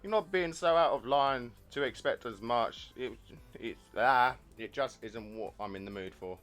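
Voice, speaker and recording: A man reading the lines of a shy, nerdy young woman in a dating game, softly and hesitantly. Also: mid-range voice, moderate pace, soft background music, natural voice. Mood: apologetic.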